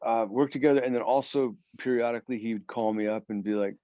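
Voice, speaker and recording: A man's voice: mid-range voice, fast, dry recording. Man, guitarist guest, rambling storyteller, muffled dry call audio. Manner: rambling, animated storyteller who acts out quotes. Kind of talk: casual storytelling in an interview.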